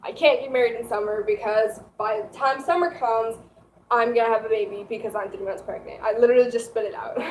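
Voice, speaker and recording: A woman's voice: fairly high pitch, fairly quick, a little mellow. Chatty young woman in an echoey room. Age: young adult. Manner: chatty, says "like" a lot, laughs often. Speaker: vlogger. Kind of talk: casual storytelling. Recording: echoey room with faint noise.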